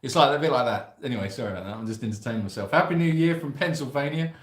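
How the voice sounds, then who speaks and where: Brief: jokey man, mid-pitched, hosting a live chat from a room with a noticeable echo. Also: racing. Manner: chatty, jokey, reads out viewer greetings. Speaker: sanctuary co-host reading live chat. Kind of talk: casual live-stream chat. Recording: roomy echo.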